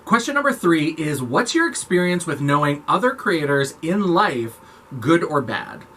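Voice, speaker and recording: A man chatting to camera about makeup and creators, animated and campy in manner. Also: on the high side, normal speed, a little hiss or hum. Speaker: makeup vlogger. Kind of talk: casual chat to camera.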